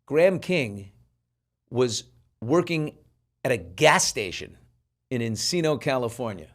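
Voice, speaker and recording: A male talk show host in a casual chat, spinning stories with lively energy and slipping into voices for the people in them. His voice sits at an ordinary middle pitch. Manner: animated storyteller who acts out quoted people.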